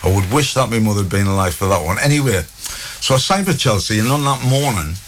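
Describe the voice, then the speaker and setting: A middle-aged man with a North East England accent, a guest telling lively anecdotes in an interview. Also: lowish voice, fast talker, a little hiss or hum. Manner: lively storyteller, animated quoted dialogue. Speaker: guest, former footballer.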